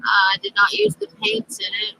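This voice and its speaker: A middle-aged woman chatting slowly as a craft vlogger, rambling with fillers. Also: very high-pitched, very animated, creaky, bright, forceful tone, a little hiss or hum, poor audio. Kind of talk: casual crafting chat.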